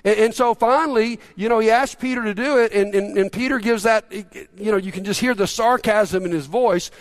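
A middle-aged pastor with a notably high voice delivers a sermon, retelling a story in a chatty, storytelling way. He often stumbles and restarts his sentences and tosses questions out to the congregation. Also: a little fast, few pauses. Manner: conversational storytelling with repeated restarts and audience questions.

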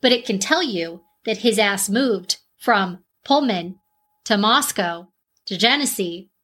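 A woman's voice: mid-range voice, expressive, takes it slowly, fairly bright tone, slightly rough. A woman co-hosting a true-crime podcast, talking bluntly in casual chat and swearing freely. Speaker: podcast co-host.

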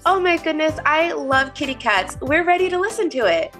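A woman's voice: high voice, expressive, normal speed, fairly bright tone, soft background music. A woman hosting a children's reading show, quizzing her young listeners in a bubbly way. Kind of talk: upbeat kids' show hosting.

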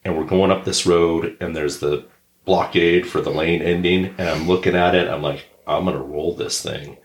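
Deep-voiced man telling a story in a roomy space. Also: moderate pace, a little hiss or hum. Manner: animated anecdote teller who acts out others' yelling. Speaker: podcast co-host. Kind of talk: casual storytelling chat. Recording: roomy echo.

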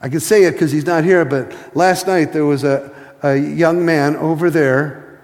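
A man preaching a sermon, telling stories with passion and slowing to a hush for emphasis. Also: a little high, steady tone, in a large hall. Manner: impassioned storytelling, slows to a hush for emphasis. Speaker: pastor.

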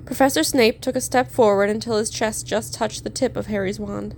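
A woman narrating a story aloud in a steady, measured reading. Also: mid-range voice, a little hiss or hum. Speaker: fan fiction reader.

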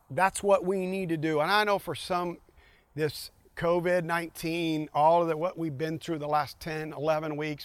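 A man's voice: fairly high pitch, no room sound. Earnest man preaching a streamed sermon. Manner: earnest, repeats key phrases, restarts often. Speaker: pastor.

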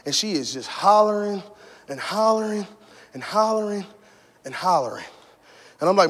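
A man preaching a sermon in a church, moving between shouted passionate peaks and hushed personal storytelling. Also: sits high, brisk, big-room sound. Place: church sanctuary.

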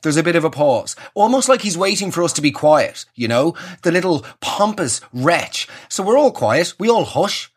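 A man's voice: fairly high pitch, very animated, normal speed, hardly any pauses, breathy edge. A young Irish man telling a comic story with sweary, exasperated ranting. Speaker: comedian.

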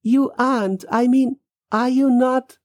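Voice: high voice, fairly even intonation, takes it slowly, a little mellow, no echo, clean studio sound, voice pushed up. A narrator doing an anxious, pressing man. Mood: anxious, urgent. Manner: urgent, raised questions. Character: startled man confronting a stranger at night.

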